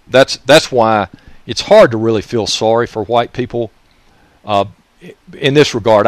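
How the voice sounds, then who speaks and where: In a fairly low voice with no echo, a Mississippi-accented man rants angrily about politics. He gets loud, curses, and repeatedly berates his listeners with questions.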